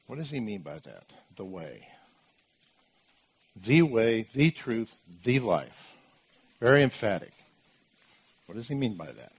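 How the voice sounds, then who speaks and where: A man's voice: medium pitch, breathy edge. A man preaching a sermon, teaching through Bible verses in an emphatic way, with asides and restarts as he explains.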